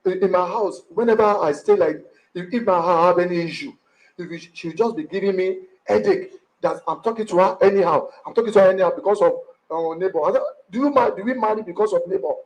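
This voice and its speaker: A man speaking in a mediation session, rushed and stammering, often repeating his words as he complains about his marriage. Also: sits high, rough recording. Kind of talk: emotional testimony in mediation.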